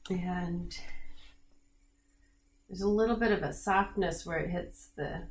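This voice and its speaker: A woman in her studio giving a live oil painting demonstration, talking in a relaxed, chatty way with many fillers. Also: on the low side, takes it slowly. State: slightly cracky voice. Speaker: painting instructor.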